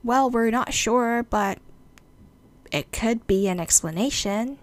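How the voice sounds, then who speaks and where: A woman presenting an explanatory video talk, measured and speaking straight to her viewers. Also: on the high side.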